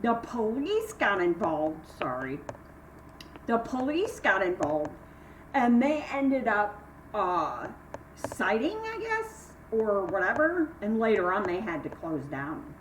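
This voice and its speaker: A woman's voice: wildly swooping pitch, takes it slowly. An older woman vlogging from home in casual chat, rambling through stories and acting out what people said. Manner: chatty, rambling, acts out quoted voices with sharp jumps in pitch. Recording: echoey room, mic at a distance, faint hiss.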